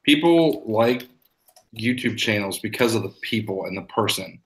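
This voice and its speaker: A man's voice: fairly low pitch, expressive, moderate pace. A man speaking enthusiastically as a guest in a live video chat.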